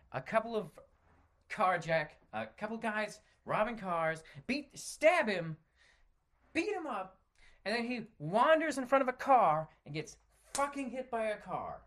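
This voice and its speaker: Unhurried but very animated, an American podcast host rants alone in a high, slightly bright voice. His talk is full of swearing, and he often drifts off mid-thought into self-corrections and restarts.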